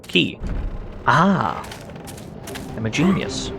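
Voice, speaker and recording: A playful man talks slowly through a game stream in a lively voice with wide swings in pitch. Game music plays clearly under him. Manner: playful, laughs often, mock-dramatic. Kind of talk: casual gameplay commentary.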